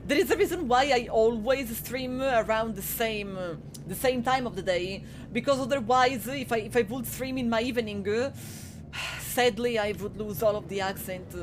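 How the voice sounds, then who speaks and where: Italian lady live streamer, kinda high voice, chatting and joking w her viewers while she plays. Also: normal speed, noisy background. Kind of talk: live gameplay commentary.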